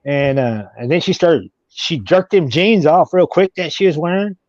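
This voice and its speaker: Male guest, halting storyteller, somewhat high-pitched, muffled dry recording. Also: darkish tone, no room sound. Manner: halting, repeats words and restarts. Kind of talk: casual storytelling. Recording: dull, dry audio.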